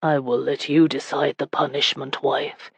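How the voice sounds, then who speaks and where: Gruff, husky medieval lord, commanding and teasing, read by a woman narrator, low and dry. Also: flat delivery, a little slow, no echo, full character voice.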